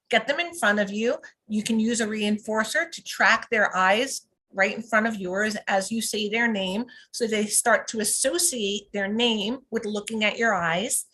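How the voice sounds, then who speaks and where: Calm instructive woman coach, fairly high voice. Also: rough recording. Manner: calm and instructive, lively when modeling praise. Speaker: parent coach. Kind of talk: teaching talk on live video. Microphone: video call.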